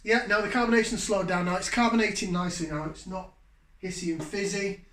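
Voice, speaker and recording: A man's voice: high-pitched, fairly even intonation, a little fast, a bit bright. A man, hosting a casual beer review in a rambling, self-deprecating way. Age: 40s. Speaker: beer reviewer, channel host. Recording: echoey room.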